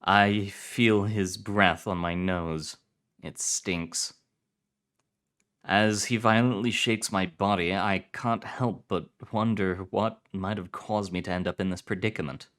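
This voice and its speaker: A man reading fiction aloud in a calm, measured, low-key narration. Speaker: story reader.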